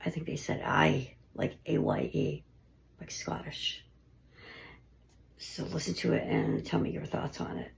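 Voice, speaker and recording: A woman with a low voice and a heavy gravelly fry narrates her ghost-hunting recordings in a casual, conversational way. She often sinks into a hushed near-whisper. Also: expressive, a little slow, pauses often. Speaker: paranormal investigator.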